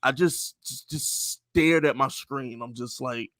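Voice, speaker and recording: A man hosting a casual sports podcast, talking in an animated, mocking, slangy way. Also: mid-range voice, measured pace, dry recording. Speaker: podcast host.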